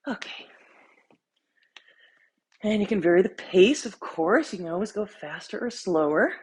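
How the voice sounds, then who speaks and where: A woman fitness instructor talking a follow-along workout while she exercises, counting reps, out of breath, relaxed and encouraging. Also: mid-range voice, measured pace, pauses often, husky.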